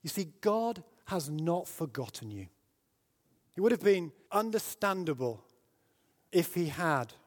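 A man from Britain preaching a sermon, telling a story and building to loud, emphatic peaks. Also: fairly high pitch, very animated, unhurried, long pauses. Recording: long hall reverb.

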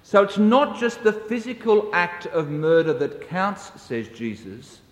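A man preaches a sermon at an unhurried pace, his fairly high voice telling stories in a measured way. The sound rings with long reverb, as if from a large hall heard at some distance. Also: very animated. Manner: slow, measured storytelling. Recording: echoey hall, distant mic.

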